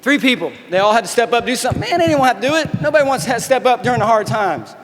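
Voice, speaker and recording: A man with a high-pitched voice delivers a motivational keynote in a folksy, story-driven way. He acts out dialogue as he goes. His voice rings out with the long reverb of a large convention hall. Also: lively intonation, very fast. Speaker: keynote speaker and army veteran.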